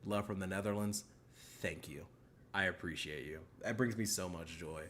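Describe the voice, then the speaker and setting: A man's voice: low voice, normal speed, a bit bright, slight background noise. A man hosting a podcast, reacting to a video in a laid-back, joking way and reading out viewer greetings. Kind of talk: casual reaction commentary.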